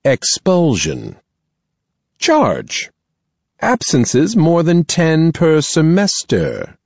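A man voicing a stern middle-aged female school principal in an audiobook, formal and slow. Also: mid-range voice, husky, no room sound, muffled recording, voice pushed up, full character voice. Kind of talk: audiobook character voice.

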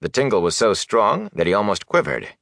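A man narrating a fantasy novel in an expressive, dramatic way. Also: on the low side, a little fast, creaky, no room sound, studio quality. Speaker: audiobook narrator.

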